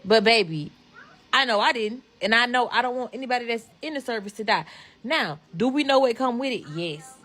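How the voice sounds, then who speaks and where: A woman's voice: on the high side, expressive, a little fast, a bit bright. A woman venting in a casual opinion video, irritated, blunt and profane.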